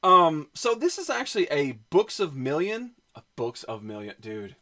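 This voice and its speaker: A man's voice: fairly high pitch, very animated, moderate pace, sharp tone. Rambling Southern man on a livestream. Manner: rambling, filler-heavy, reacts to chat. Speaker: streamer showing his comic collection. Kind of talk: casual livestream chat.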